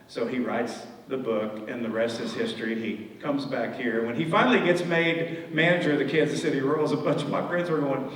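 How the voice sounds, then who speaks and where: A man's voice: mid-range voice, fairly even intonation, moderate pace. An older man giving a folksy storytelling talk as a guest speaker, acting out the dialogue in his anecdotes. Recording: echoey hall from far off.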